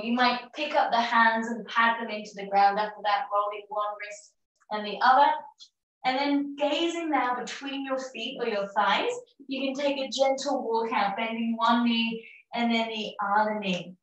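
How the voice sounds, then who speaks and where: Yoga teacher, woman, slightly high voice, gentle encouraging cues, booming echoey room, a step back from the mic. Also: far from the mic. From Australia. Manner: calm, encouraging, cueing breaths. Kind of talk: guided yoga class instruction.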